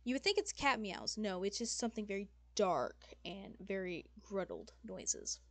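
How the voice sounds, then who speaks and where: A woman's voice: mid-range voice, sing-song, normal speed, vocal fry, dry recording. A young woman narrating as game master, rambling with fillers and corrections as she goes.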